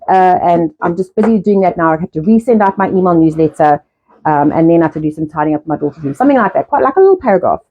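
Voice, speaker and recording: A woman's voice: fairly low pitch, fast talker, warm tone, lo-fi sound. A woman in her forties hosting a live stream, rambling and swearing in a casual rant from home. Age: 40s. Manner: rambling and profane, acting out her own reactions. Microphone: phone or laptop mic, live stream.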